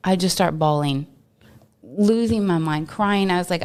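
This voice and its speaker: A woman from Texas, a podcast guest, telling stories in an animated, casual way and laughing often. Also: medium pitch, moderate pace, smooth. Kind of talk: casual storytelling interview.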